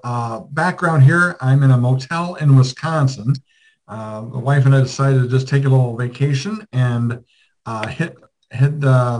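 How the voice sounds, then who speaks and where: A man's voice: medium pitch, low-quality recording. A man hosting a casual video call show from a motel room, rambling with lots of fillers. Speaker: show host.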